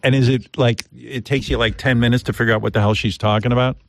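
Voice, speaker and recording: A man's voice: mid-range voice, fairly even intonation, quick pace, creaky, no room sound, clean studio sound. A man hosting a radio show in comic banter, joking and mocking. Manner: joking, mocking, lots of laughter.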